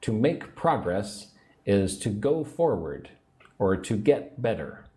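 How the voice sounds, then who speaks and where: A man teaching English on a livestream, speaking slowly and patiently and repeating phrases for learners. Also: lowish voice, very animated, dark tone. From United States.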